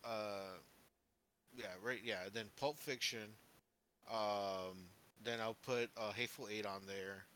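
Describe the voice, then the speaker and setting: Hesitant man with a bright voice. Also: on the low side, fairly even intonation, takes it slowly, slight background noise, rough recording. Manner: hesitant, full of fillers and restarts. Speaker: podcast co-host. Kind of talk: casual chat.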